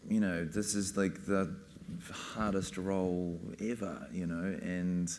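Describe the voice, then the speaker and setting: A man's voice: low voice, a little hiss or hum. A man speaking as a film director on a panel, rambling casually with many fillers. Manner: rambling, full of "you know" and "like".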